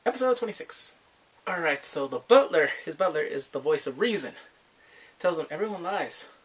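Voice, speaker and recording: A man's voice: a little high, sing-song, normal speed, breathy edge. A man casually recapping drama episodes, rambling and filling his talk with "like" and acted-out quotes. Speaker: drama reviewer.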